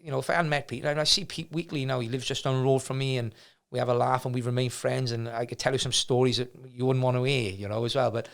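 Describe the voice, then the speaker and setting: Fast-talking gravelly man. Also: medium pitch, fairly even intonation. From Wales. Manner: rambling, many restarts, acts out quoted people. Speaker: martial arts gym owner, guest. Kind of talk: storytelling in casual conversation.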